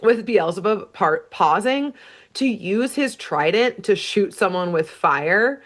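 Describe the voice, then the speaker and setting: A woman's voice: medium pitch, slow. A woman co-hosting a podcast, recapping a cartoon episode in casual chat and acting out the characters' lines as she goes. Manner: animated storyteller, acts out character lines.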